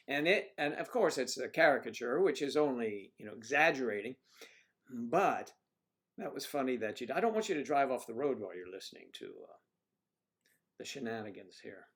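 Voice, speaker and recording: A middle-aged man hosts a relaxed livestream from home, joking around and talking back to his viewers' comments. His voice sits at an ordinary middle pitch, and he keeps a loose, chatty manner. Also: moderate pace. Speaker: livestream host. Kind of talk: casual livestream chat.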